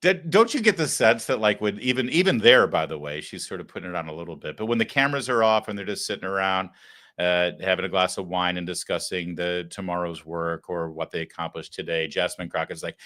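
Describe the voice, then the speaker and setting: A man's voice: deep voice, a little fast, a bit bright. A man hosting a live political commentary show, talking in a sarcastic, mocking, conversational way. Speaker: talk show host.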